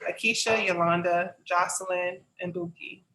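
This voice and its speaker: A woman's voice: lowish voice, steady tone, normal speed, fairly bright tone, poor audio. A woman host moderating a group video call, calling on the next participants.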